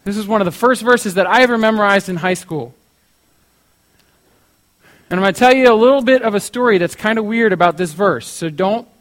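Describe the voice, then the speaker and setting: A young man preaching in a casual, chatty way, telling a story with many fillers like "you know". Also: sits high.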